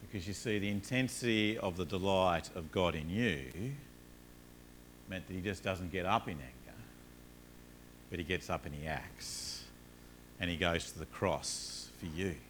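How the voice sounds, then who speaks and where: A man preaching a sermon, telling everyday stories with rising energy, then dropping low and soft to make his points. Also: unhurried, long pauses, slight background noise. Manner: earnest, rises animatedly in stories, drops low and soft on points. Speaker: pastor.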